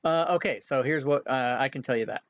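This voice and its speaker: A game master with a medium-pitched voice talks a little fast over lo-fi audio. He's casually instructing players on setup for an online game, using lots of filler sounds.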